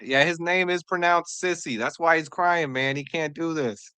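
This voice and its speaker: Woman stream host, excitable live reactions, lowish voice, dry sound. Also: moderate pace, clean tone, dry recording. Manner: excitable and joking, reads out and answers chat messages.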